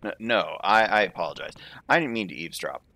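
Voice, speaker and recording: A man's voice: deep voice, lively intonation, quick pace, pushed and bright, full character voice. A man voicing a curious young male detective in a fan game dub, asking probing questions. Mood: friendly. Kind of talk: fan voice-over of a game scene.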